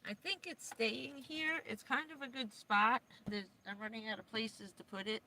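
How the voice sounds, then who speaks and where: This is a chatty woman giving a laid-back livestream tour of her camper van. She speaks at an unhurried pace in a mid-range voice and rambles, filling gaps with "um" and "you know.". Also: mid-range voice, pushed and bright, slight background noise. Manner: rambling, chatty, giggly, with many fillers. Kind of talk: casual livestream chat. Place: inside a small camper van.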